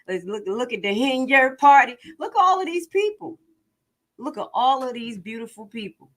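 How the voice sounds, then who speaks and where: A woman giving casual livestream commentary in an animated, joking and sassy way. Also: fairly high pitch, normal speed. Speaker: online commentator.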